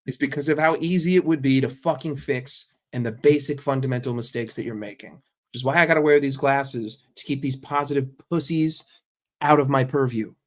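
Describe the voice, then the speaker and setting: A man's voice: mid-range voice, fairly quick. An American man ranting as a football fan vlogger, emphatic and profane. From United States.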